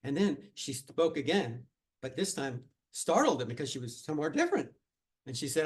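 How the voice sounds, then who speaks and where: Male storyteller telling a tall tale, animated, dramatic, with a lively, rather high voice. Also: moderate pace, low-quality recording. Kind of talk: told tall tale at a live event.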